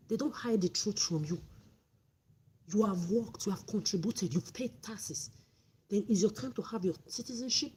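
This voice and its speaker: Blunt woman with a dark voice. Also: mid-range voice, breathy edge. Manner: blunt, exhorting, repeats herself. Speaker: livestream host. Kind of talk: livestream advice monologue.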